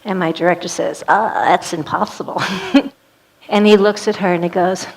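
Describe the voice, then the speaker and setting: A woman's voice: medium pitch, steady tone, moderate pace, a little mellow. A woman performing a one-woman play as a vivid, dramatic storytelling monologue.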